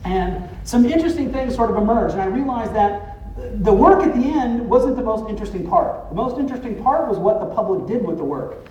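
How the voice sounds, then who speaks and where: A man giving a casual conference presentation, loose and profane, with many filler pauses, heard from a distant mic in a roomy hall. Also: high-pitched, animated, dark tone, muffled recording, slight background noise.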